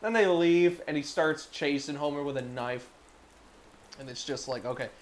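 A man casually recapping a cartoon episode on a podcast, profane and animated, slipping into voices. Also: fairly high pitch, normal speed, slight background noise. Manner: profane, animated retelling with put-on quotes. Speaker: podcast co-host.

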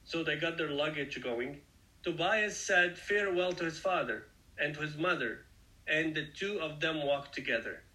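Male Bible teacher, fairly high, bright, forceful tone; earnest and explanatory, talks to listeners directly. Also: lively intonation, moderate pace, poor audio. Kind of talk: conversational Bible study sermon.

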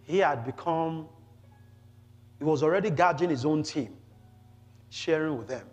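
A man preaching a Bible teaching sermon, reading scripture aloud with rising emphasis and pausing to explain it, often saying hallelujah. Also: on the high side, big-room sound, highs cut off, faint music behind. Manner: peppers talk with "glory to Jesus" and "hallelujah".

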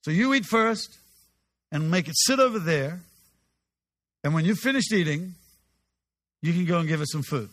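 A woman's voice: fairly low pitch, expressive, normal speed, pauses often. A man preacher voicing a firm, no-nonsense female dog trainer who insists on her instructions.

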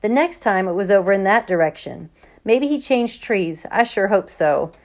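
An eager young boy, worried but excited on a hunting trip, read by a woman. The voice is a touch higher than the reader's own, at a middle pitch. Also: normal speed, lightly acted.

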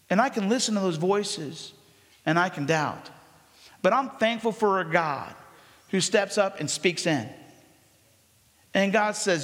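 A man preaches to his church in a high, lively voice. He talks to the congregation like it's a conversation and acts out the voices of the people in the story. His voice rings with long reverb through the sanctuary. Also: a little slow, pauses often. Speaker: pastor. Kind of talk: sermon.

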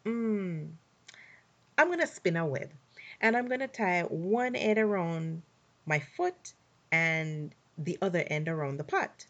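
A woman voicing a greedy, excitable male trickster spider in a told folktale, eager and quick to dodge work. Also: on the low side, muffled recording. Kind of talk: storybook voice acting.

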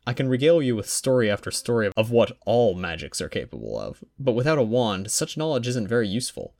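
A man's voice: medium pitch, very animated, fast talker, gravelly, darkish tone. A man voicing a young boy wizard who answers with dry, patient reasoning.

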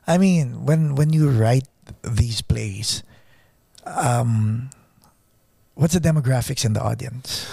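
A man's voice: mid-range voice, slow, creaky, mellow, breathy edge, no echo. A man hosting an interview podcast, reacting with enthusiasm and asking follow-up questions. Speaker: podcast host. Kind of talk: conversational interview.

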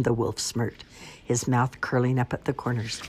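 A woman narrating a children's storybook aloud in an expressive, measured way. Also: a bass voice, a little hiss or hum.

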